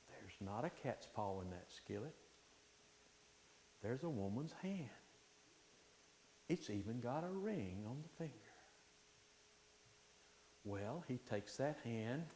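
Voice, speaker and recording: Dramatic male storyteller in a ringing hall. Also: on the high side. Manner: animated, dramatic pacing with hushed passages. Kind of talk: live folktale telling.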